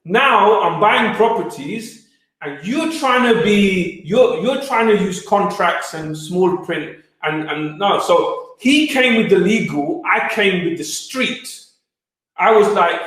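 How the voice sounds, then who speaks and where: Young guy telling street stories to a crowd, kinda high voice, super echoey room. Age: young adult. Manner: animated, streetwise, quick asides to the audience. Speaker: wealth speaker. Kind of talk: storytelling talk at a live event.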